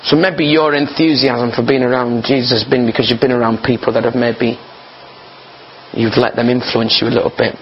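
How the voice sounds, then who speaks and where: Male preacher, mid pitch, earnest and conversational, repeats words, slightly muffled audio. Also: level tone, fairly quick, a little hiss or hum. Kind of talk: informal sermon. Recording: slightly dull, muffled recording.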